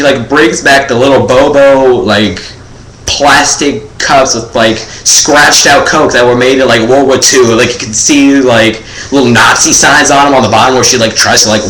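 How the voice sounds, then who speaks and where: Teen guy comic, rambling, "like"-heavy delivery, middle pitch, echoey room. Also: fairly bright tone, a little hiss or hum. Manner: rambling, filler-heavy, says "like" constantly. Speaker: comedian. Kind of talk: comedic monologue.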